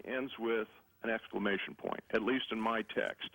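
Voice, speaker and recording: Husky-voiced man calling in. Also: on the low side, fairly even intonation, normal speed, a bit bright, no echo, low-quality recording. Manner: hesitant, careful questioning. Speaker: caller.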